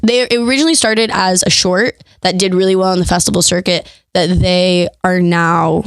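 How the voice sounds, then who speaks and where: A woman's voice: lowish voice, steady tone, normal speed, clean tone, no echo. A woman actor chatting as a podcast guest, casual and talkative with lots of fillers. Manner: chatty, laughs often, many fillers. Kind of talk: casual chat.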